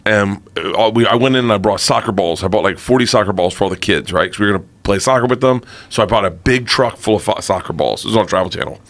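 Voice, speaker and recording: A man telling a story on a casual podcast in an animated way, acting out quotes, laughing often and swearing freely. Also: on the low side, fast talker, hardly any pauses.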